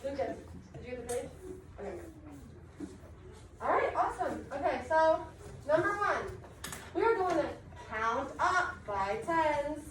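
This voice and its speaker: A high-voiced young woman teaches a lesson, upbeat and encouraging. She walks through each step. Her voice echoes in a noisy classroom, caught from a distance. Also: animated, unhurried, pauses often. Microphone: far camera. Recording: echoey classroom recorded from afar, background noise.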